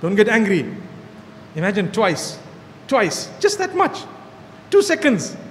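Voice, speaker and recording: Man, preacher, sermon, high-pitched, animated, repeats phrases, long hall echo. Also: unhurried, a little hiss or hum. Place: hall with an audience.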